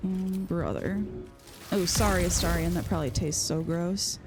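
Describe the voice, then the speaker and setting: A woman's voice: on the low side, steady tone, moderate pace, music in the background. A woman streaming a video game, talking casually and reacting aloud as she plays. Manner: chatty, peppered with "like", reacts aloud to gameplay. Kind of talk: casual live-stream chat while gaming.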